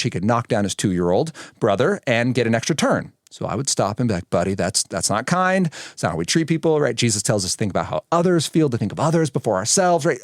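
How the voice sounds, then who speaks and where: A man in his thirties, a podcast guest telling stories in a lively conversational way and acting out the voices he quotes. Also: medium pitch, dry recording, studio quality. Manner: animated, acts out quoted voices. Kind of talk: conversational storytelling.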